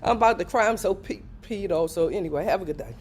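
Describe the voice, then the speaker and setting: An older man speaks up at a public hearing in a high-pitched voice. He is impassioned and pleading, and he circles back to the same points again and again. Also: fast, very noisy. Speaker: resident giving public comment.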